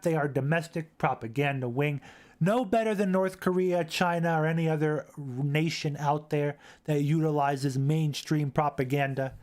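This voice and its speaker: A man hosting a casual live stream, rambling, repeating himself and reading chat aloud into a boom-arm desk mic. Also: darkish tone.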